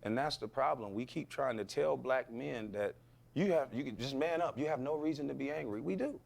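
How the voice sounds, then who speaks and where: A former athlete as a podcast guest, talking bluntly and emphatically and firing back rhetorical questions. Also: male voice, mid-range voice, brisk, gravelly, a little mellow. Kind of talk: heated podcast interview.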